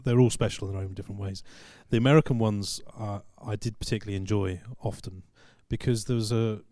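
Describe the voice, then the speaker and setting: A man with a low, mellow voice reflects on his work as an editor in an unhurried way, with pauses and fillers. The sound is dry and close. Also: fairly even intonation, dry recording. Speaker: magazine editor. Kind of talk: casual podcast chat.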